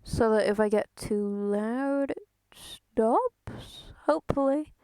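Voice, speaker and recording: A woman's voice: a little high, slow, dark tone, no room sound. A woman streaming a video game, talking casually and exasperated, swearing often into a close mic that picks up her breathing. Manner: exasperated, swearing, self-mocking. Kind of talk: casual gaming stream chat. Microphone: close headset mic near her face.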